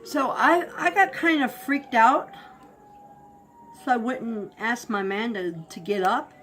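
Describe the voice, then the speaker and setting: A woman telling a spooky personal story in a casual, animated way, acting out barks and shouts. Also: on the high side, a little slow, slight background noise. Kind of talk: casual spoken ghost story.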